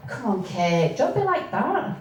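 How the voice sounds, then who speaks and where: A man's voice: very high-pitched, very animated, measured pace, a little hiss or hum, voice pushed up, full character voice. A woman reading aloud as a pushy man from the heroine's past, coaxing and falsely friendly. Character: menacing man from her past, pushy and persistent. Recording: echoey room, distant mic.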